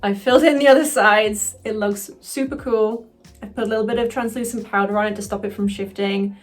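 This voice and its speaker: A woman chatting casually through a makeup tutorial, excitable and quick to swear. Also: mid-range voice, faint music behind. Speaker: cosplayer doing a makeup tutorial.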